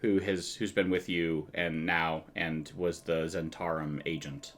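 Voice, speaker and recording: A man running a tabletop game as game master, chatty and loose in his narration and quick to laugh. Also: sits low, little pitch movement.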